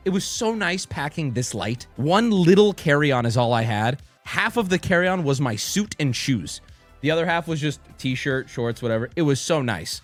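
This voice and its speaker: A young man streaming, telling a story to his chat in a casual, profane way with loud outbursts. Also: fairly high pitch.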